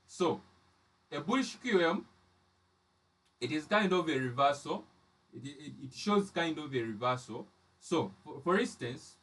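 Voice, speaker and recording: A man's voice: fairly high pitch, fairly bright tone, distant mic. A man teaching trading charts step by step, often repeating and restarting his phrases. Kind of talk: live chart lesson.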